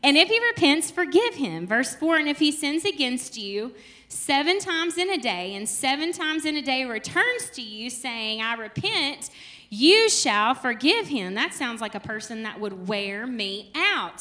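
A woman's voice: high-pitched, sing-song, unhurried, pushed and bright. A young woman, teaching a Bible study in a casual, chatty way with laughing asides.

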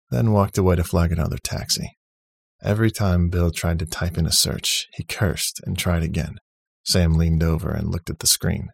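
A man narrating a serialized story in a steady, matter-of-fact way. His voice is very deep and gravelly with a husky edge. The recording is dry and close. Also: no echo. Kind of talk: scripted narration.

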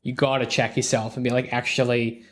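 A man's voice: mid-range voice, fairly quick, a bit bright. A man co-hosting a casual advice chat, rambling and profane with plenty of slang and repeated words. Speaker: podcast co-host giving advice.

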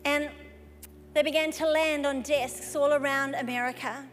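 A woman preacher telling a story in a sermon, animated and lively, breaking into excited exclamations. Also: high voice, moderate pace, soft background music. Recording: live hall recording with long reverb.

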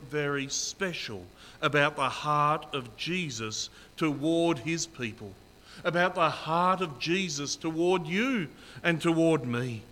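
A man's voice: on the high side, fairly bright tone, in a large hall. A middle-aged man preaching a sermon as pastor, earnest and emphatic, repeating key phrases.

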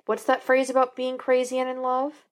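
A woman's voice: sits high, completely flat delivery, normal speed, voice pushed up, lightly acted. A woman reading the lines of a playful male psychic detective who jokes flippantly. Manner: joking, flippant.

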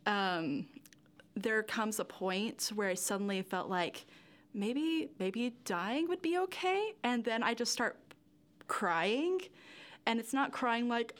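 A woman's voice: a little high, lively intonation, slow. A young woman giving a candid personal interview, rambling with lots of fillers and nervous little laughs. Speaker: interview guest.

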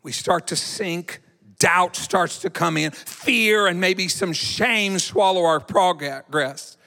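Male pastor, sermon, dramatic delivery, bright tense voice, echoey hall. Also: sits high, slow, gravelly. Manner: animated, dramatic preaching.

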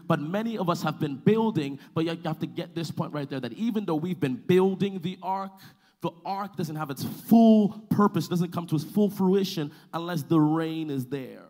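A man preaching a sermon to his church, calling for responses and building to loud, sung-out climaxes. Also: on the high side, moderate pace. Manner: preaching with call-and-response, swelling to shouts. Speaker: pastor.

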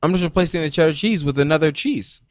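A man's voice: a little high, fast talker, dry recording, studio quality. A young man in casual chat as a podcast co-host, blunt and playfully complaining.

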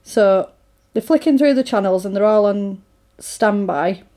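A woman in casual chat, recapping a film with animated storytelling and frequent laughs. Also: mid-range voice, unhurried.

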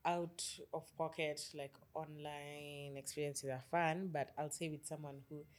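A woman's voice: low voice, little pitch movement, unhurried. A woman in her twenties, a podcast guest, telling a story in casual chat and acting out quoted lines with animation. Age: 20s.

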